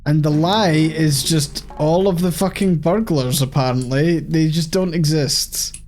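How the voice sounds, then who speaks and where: A Scottish man commentating on a game he is playing, sweary and animated, reacting aloud as he goes. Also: fairly high pitch, a little slow, faint music behind. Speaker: gaming streamer. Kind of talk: let's-play commentary.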